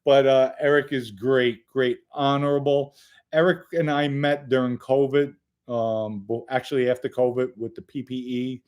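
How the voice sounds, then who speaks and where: A man's voice: medium pitch, fairly even intonation, moderate pace, a little mellow. A middle-aged man hosting his own channel, telling family stories in a casual, rambling solo monologue and swearing now and then. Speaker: channel host.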